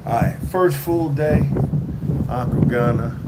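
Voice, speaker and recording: A man livestreaming casually from his phone while traveling, rambling and halting with many fillers and restarts. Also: mid-range voice. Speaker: vlogger livestreaming. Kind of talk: casual live-stream chat. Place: indoors at a lodging while traveling. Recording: loud background noise.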